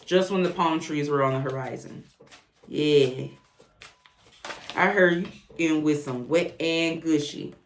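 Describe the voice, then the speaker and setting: A woman with a fairly low voice gives a casual tarot reading, chatty and blunt, with profane asides. Her voice rings in an echoey room. A faint hiss sits underneath. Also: unhurried, long pauses. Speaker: tarot reader.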